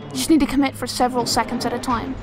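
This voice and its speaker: Over background music, a high-voiced woman races through casual let's play commentary. Her reactions are jumpy and excitable, she restarts frequently, and she sometimes whispers softly.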